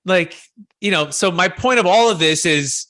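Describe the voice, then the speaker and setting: A man hosting a webinar, telling a personal story with animated quoted voices and many restarts. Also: high-pitched, moderate pace, dry recording, studio quality. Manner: frequent fillers and restarts. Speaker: host. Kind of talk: casual webinar talk.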